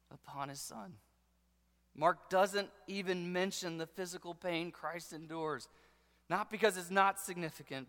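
Impassioned preacher in a reverberant hall. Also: male voice, fairly high pitch. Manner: impassioned preaching, swinging between hushed and loud. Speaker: pastor. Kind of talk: sermon.

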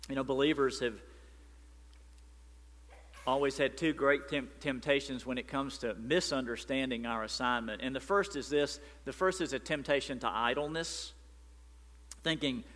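A man preaching a sermon as pastor, animated and emphatic. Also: mid-range voice, normal speed, pauses often, long reverb tail.

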